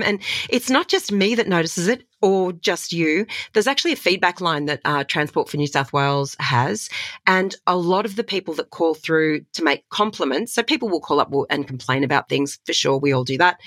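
The recording is dry and clean, studio sound, capturing a woman's lowish voice. She's Australian, a voiceover artist and voice coach, enthusiastically telling animated stories with laughter during a conversational interview.

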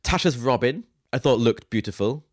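Cheeky man, lively pitch. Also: moderate pace, no room sound, clean studio sound. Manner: playful, cheeky innuendo, lively laughter. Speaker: podcast co-host. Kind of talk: casual chat.

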